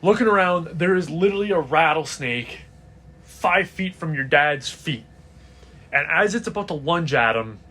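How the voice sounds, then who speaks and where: Casting: man with a somewhat high voice, casual game master narrating a tabletop campaign, loose and chatty with filler words. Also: fairly bright tone. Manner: casual, many fillers, laughs often.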